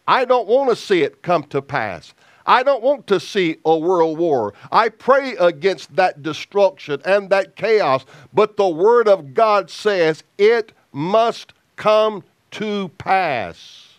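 A man preaching a sermon as an evangelist, slow and emphatic with deliberate pauses. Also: high-pitched, animated, no room sound.

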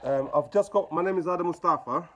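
A man's voice: a little high, quick pace, a bit bright, a little hiss or hum. A man calling the police on the phone, insistent and repeating himself with polite fillers. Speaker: caller. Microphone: phone call recorded.

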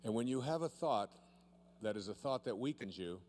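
A man's voice: mid-range voice, animated, darkish tone, a little hiss or hum. A man speaking at a live seminar, teasing a volunteer and drawing out key words as he leads a demonstration. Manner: playful, teasing, drawn-out emphasis. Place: seminar room with live audience. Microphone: handheld mic held by a volunteer.

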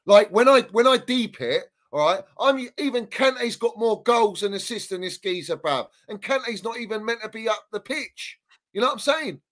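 Man, fairly high voice, heated ranting, swearing, repetitive emphasis, casual podcast debate. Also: lively intonation, moderate pace, fairly bright tone. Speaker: Chelsea fan guest.

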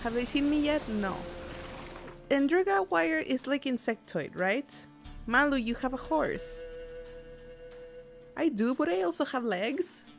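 Woman, game streamer, slow-paced chatty commentary, high-ish voice, music in background. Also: animated, vocal fry. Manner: chatty, giggly, reading chat aloud; bursts into squeals and shouts at enemies. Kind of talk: casual gameplay commentary. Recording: music playing behind.

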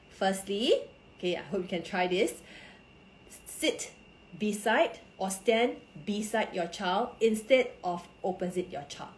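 A woman with a mid-range voice talks parents through advice in a calm, explanatory way. She speaks straight to her live-stream viewers, and the room around her rings with echo. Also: mid-range voice, a little hiss or hum. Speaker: parenting coach. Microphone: phone or computer for a social media live stream. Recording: echoey room.

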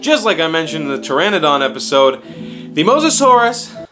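A young man hosting an educational video with animated, jokey delivery and playful asides. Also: fairly high pitch, brisk. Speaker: host. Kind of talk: upbeat educational YouTube talk. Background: music.

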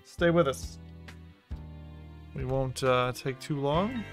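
A man streaming a VR racing game, talking casually, excitable and swearing freely. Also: medium pitch, slow, vocal fry, pauses often, soft background music. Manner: excitable, swearing, laughing a lot. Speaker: VR gaming streamer. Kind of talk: casual live-stream commentary.

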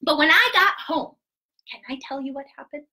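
A chatty little girl with very long hair tells her tale in a very high, bright, sparkling voice, as a woman puts her on. She is dramatic and giggly, squealing at the big moments and dropping to hushed whispers for secrets. It is a playful storybook kids' character. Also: a little fast, heavily acted. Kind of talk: children's storytelling live stream.

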